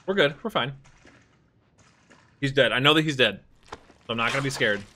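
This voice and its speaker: A man's voice: mid-range voice, brisk, bright, forceful tone, a little hiss or hum. A young man streaming a horror game, jumpy and swearing, laughing nervously as he plays. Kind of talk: let's play commentary.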